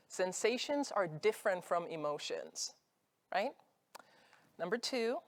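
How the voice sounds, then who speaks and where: A woman speaking on stage at an industry event, giving a conversational motivational talk and acting out her own thoughts as examples. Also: fairly low pitch. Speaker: conference speaker.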